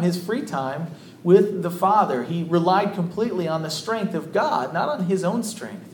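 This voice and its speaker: A man's voice: high voice, echoey room, slight background noise. A man, a pastor, preaching a sermon in a conversational, storytelling way to a congregation.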